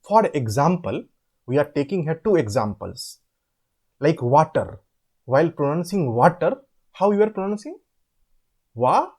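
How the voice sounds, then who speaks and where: Husky-voiced man tutoring online. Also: a little high, big pitch swings, darkish tone. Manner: asks the listeners questions and answers them himself; repeats words slowly to show how they are said. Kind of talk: explaining an assignment step by step.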